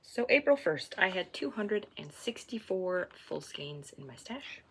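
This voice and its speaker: A woman hosting a knitting podcast, chatting casually and self-deprecatingly, often trailing off into soft asides. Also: on the low side, big pitch swings, unhurried, slight background noise. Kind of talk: casual stash-tracking chat.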